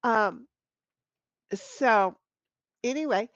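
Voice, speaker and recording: A woman's voice: fairly high pitch, drawn-out words, a bit bright, no echo, highs cut off. A middle-aged woman hosting a casual livestream from home, reading chat aloud and rambling in a frank, salty way with many restarts. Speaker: streamer host. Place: at home with her dogs. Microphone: computer mic at a desk.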